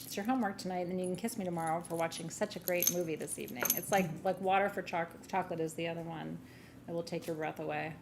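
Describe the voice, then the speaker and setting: A woman hosts a live sale stream in a loose, gushing way and swears now and then. Her voice sits a little low and has a gravelly fry to it. A faint hiss of noise runs underneath. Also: fairly even intonation, fast talker. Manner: gushing, chatty, swears, laughs easily. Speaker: host of a live gem sale. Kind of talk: casual live-stream chat.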